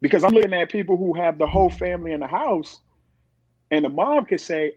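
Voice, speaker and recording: Here a middle-aged man, a guest on a podcast, tells stories in an animated, casual way, acting out the voices of the people in them. His husky voice sits high and runs a little fast. Without any room sound, the recording is dull and dry.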